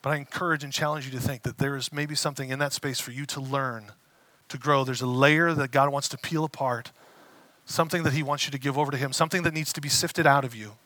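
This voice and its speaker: Bright-voiced pastor preaching casually. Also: male voice, mid-range voice, fast talker, no room sound. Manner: casual and animated, acts out quoted voices. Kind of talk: conversational sermon.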